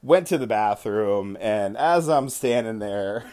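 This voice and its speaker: His voice is lowish and a little mellow, slow-paced but with lively intonation, as he casually tells the story of a tabletop game session on his podcast. He swears freely and keeps correcting himself mid-sentence.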